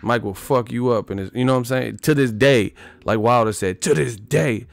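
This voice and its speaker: A male livestream host chatting loosely and profanely about boxing, with a mid-pitched, everyday voice. He rambles from story to story and laughs at his own jokes, with faint music behind him. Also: moderate pace, vocal fry, no room sound. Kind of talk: casual profane boxing talk.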